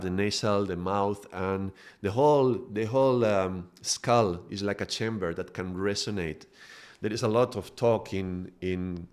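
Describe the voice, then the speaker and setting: A man with a somewhat low voice leads a live-streamed teaching talk into a microphone. He speaks thoughtfully, pausing to search for words and laughing lightly at his own slips. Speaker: spiritual teacher.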